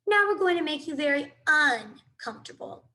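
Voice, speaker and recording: A woman's voice: high voice, lively intonation, moderate pace, sharp tone, voice pushed up. A woman voicing a sarcastic, bossy young female bear in a storybook read-aloud. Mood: menacing.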